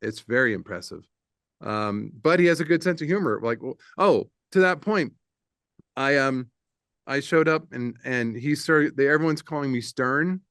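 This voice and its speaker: A man's voice: medium pitch, normal speed, no echo. Middle-aged man telling studio anecdotes. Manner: animated anecdote-teller, laughs often, slips into voices for others. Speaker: guest, producer and audio engineer. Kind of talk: casual interview storytelling.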